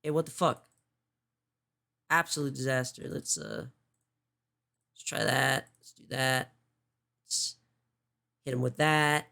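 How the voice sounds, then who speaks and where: A woman's voice: very deep voice, fairly even intonation, creaky, sharp tone. Foul-mouthed woman hosting a stream. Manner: swears often, talks in quick restarts. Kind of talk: casual livestream commentary.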